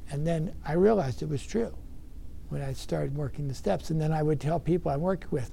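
A man's voice: fairly high pitch, normal speed, gravelly, mellow, slight background noise. A man giving an earnest recovery meeting talk, telling his story with emphatic bursts. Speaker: speaker sharing recovery experience.

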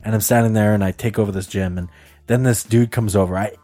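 A man on a podcast telling a story in casual chat, animated and swearing, laughing often. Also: lowish voice, fast. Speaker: podcast co-host.

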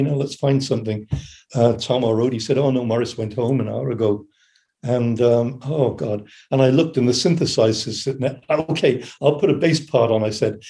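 An older man telling studio stories in a casual interview, acting out other people's quotes and humming melodies as he goes. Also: mid-range voice. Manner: animated anecdotes, acts out quotes and hums melodies. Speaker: session keyboard player telling studio stories.

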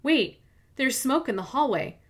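A woman's voice: mid-range voice, a little fast, a bit bright, lightly acted. A woman voicing an alarmed young woman sleuth in a read-aloud story, talking urgently.

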